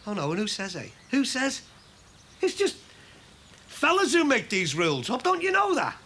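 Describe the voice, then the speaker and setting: An actor playing a blunt, sarcastic middle-aged shopkeeper, in a soap opera. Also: male voice, extremely high pitch, wildly swooping pitch, moderate pace, bright, forceful tone, slight background noise, full character voice. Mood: heated.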